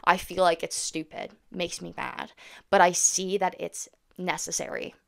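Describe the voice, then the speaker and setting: A woman vlogging candidly to camera. She talks fast, rambles and swears frankly. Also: on the low side, steady tone, vocal fry, fairly bright tone, dry recording, clean studio sound. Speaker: autism content creator.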